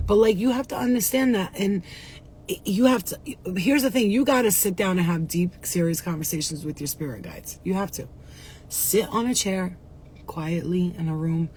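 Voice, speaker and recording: Woman vlogger talking to her followers about spirit guides, loose and rambling, voice a bit rough and cough-prone, mid pitch, faint hum behind. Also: darkish tone. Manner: chatty, repetitive, swears casually, greets viewers. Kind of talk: casual spiritual talk to viewers.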